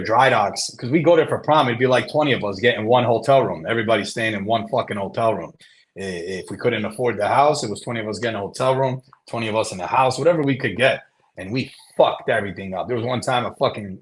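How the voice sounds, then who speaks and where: A man with a New Jersey accent speaks in a low voice, blunt and full of profanity. His talk is loose and heated, the way a guest sounds chatting on a podcast. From North Jersey. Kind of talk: casual chat.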